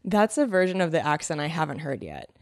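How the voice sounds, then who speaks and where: A giggly, chatty woman co-hosting a podcast, her voice sitting low. She sounds close and dry, with no room around her. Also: big pitch swings, fairly quick, a little mellow, no room sound. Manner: giggly, chatty, laughs often. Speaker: podcast co-host. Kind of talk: casual chat.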